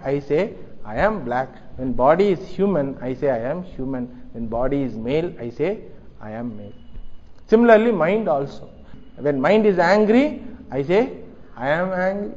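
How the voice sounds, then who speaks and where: A man's voice: high-pitched, a little mellow. A man giving a philosophical discourse as a spiritual teacher, explaining step by step and often asking his listeners if they understood. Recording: dull lo-fi recording with long hall reverb.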